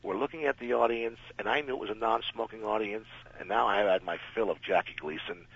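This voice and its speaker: A man telling an anecdote as a radio interview guest, animated and acting out the people in his story. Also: lowish voice, brisk, breathy edge. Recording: dull lo-fi radio recording.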